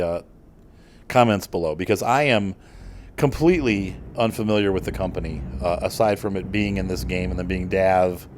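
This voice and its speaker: An American man hosting a gaming channel, rambling through casual commentary with many fillers and restarts while he plays. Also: lowish voice. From United States.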